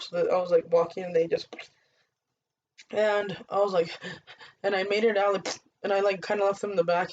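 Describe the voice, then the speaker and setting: A woman's voice: mid-range voice, a little mellow. A young woman vlogger telling a casual storytime, rambling and replaying dialogue with "I'm like" and "he's like". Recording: dull lo-fi audio with faint hiss.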